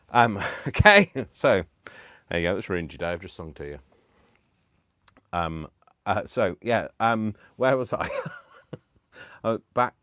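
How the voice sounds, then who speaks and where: Deep-voiced rambling man. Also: lively intonation, takes it slowly, pauses often, fairly bright tone, smooth, no room sound, clean studio sound. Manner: rambling, self-deprecating, chatty. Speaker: livestream host making digital crafts. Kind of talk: casual live chat with viewers.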